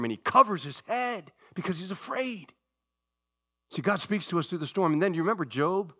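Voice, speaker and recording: A male pastor preaching with a fervent, dynamic delivery, moving between hushed stretches and loud, rising passages. His voice is somewhat high for a man, and it has a bright, forceful edge. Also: big pitch swings, fairly quick, breathy edge. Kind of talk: sermon.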